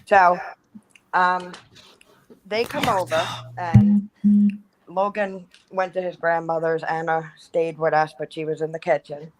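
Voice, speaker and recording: A woman's voice: on the low side, level tone, unhurried, crowd noise, poor audio. A woman in her thirties telling a personal ghost story in casual chat, full of "like" and acted-out quotes. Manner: chatty, heavy use of "like", acts out quotes. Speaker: guest storyteller.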